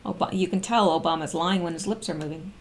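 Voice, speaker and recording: A woman reading posts aloud slowly and commenting on them in casual chat, with frequent ums and restarts. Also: lowish voice. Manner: reads slowly and comments with fillers. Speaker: online commentator.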